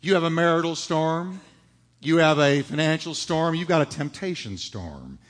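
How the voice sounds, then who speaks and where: Speaking at a normal speed in a slightly high, animated voice, a pastor preaches emphatically, raising rhetorical questions and answering them himself. It's recorded in a reverberant church sanctuary.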